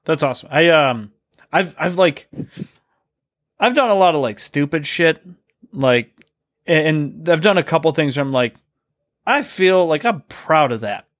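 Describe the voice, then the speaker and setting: Halting man hosting, dry sound. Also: fairly high pitch, expressive, a bit bright, dry recording. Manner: halting, many fillers, self-deprecating. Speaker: podcast host. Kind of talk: casual interview questions.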